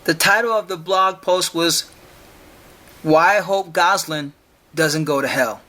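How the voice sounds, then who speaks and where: A podcast host argues emphatically in a solo monologue, repeating himself, firing off rhetorical questions and stumbling over repeated words. His voice is on the high side with a sharp tone, and he speaks unhurriedly.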